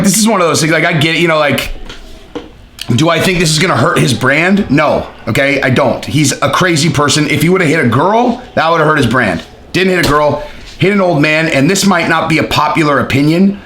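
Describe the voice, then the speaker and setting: A man's voice: on the high side, a bit bright, reverberant. A man hosting a casual commentary video, talking bluntly and profanely with lots of fillers and restarts. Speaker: commentary host.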